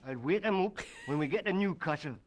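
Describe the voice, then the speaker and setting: An actor playing a drunk, friendly football fan with a Geordie accent, talking in boisterous banter. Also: male voice, sits high, expressive, brisk. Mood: rowdy.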